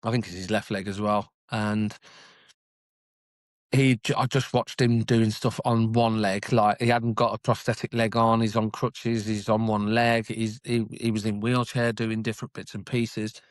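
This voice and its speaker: A man's voice: lowish voice, level tone, moderate pace, no room sound. A British man in his forties telling his story as a podcast guest, chatty and self-deprecating, laughing often. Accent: British English. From United Kingdom. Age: 40s. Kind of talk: casual interview storytelling.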